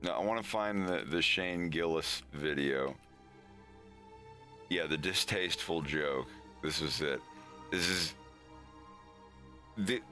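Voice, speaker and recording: A man's voice: very deep voice, bright, forceful tone. A man chatting casually on his livestream, rambling and laughing often at himself. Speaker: animation streamer.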